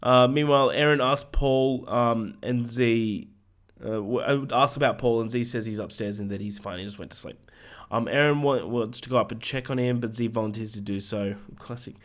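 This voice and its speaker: Hoarse male podcast co-host, mid-pitched, rambling casual film recap full of ums. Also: fairly quick. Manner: recaps plot with frequent ums and swearing asides. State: hoarse, voice going. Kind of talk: casual chat, plot recap.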